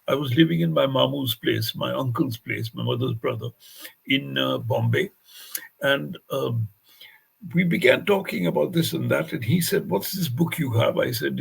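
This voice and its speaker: A man's voice: a little high, gravelly, husky, rough recording. An older man, a poet and translator, telling anecdotes on a festival stage and acting out the voices of the people he quotes.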